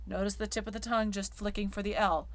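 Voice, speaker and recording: A woman teaching sung diction, sounding out vowels and words slowly before explaining quickly. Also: mid-range voice, level tone, no room sound. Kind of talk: spoken diction lesson.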